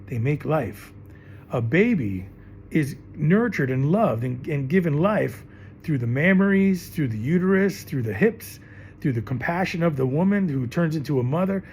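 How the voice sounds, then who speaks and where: A man's voice: fairly high pitch, lively intonation, normal speed, a little mellow, slight background noise. A middle-aged man teaching in an emphatic, rambling monologue, often repeating himself. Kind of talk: impassioned monologue to camera.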